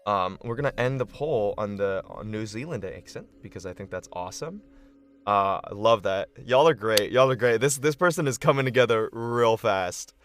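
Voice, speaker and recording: Excitable man streaming with his chat. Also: lowish voice, normal speed. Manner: excitable, thinking aloud, many fillers. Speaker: game master streamer. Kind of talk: casual live-stream chat.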